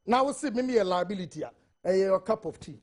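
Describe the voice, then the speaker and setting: A Ghanaian man argues his case on a television panel discussion. His voice is high and husky, and he mixes Twi and English as he presses each point with emphasis. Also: expressive, fast talker.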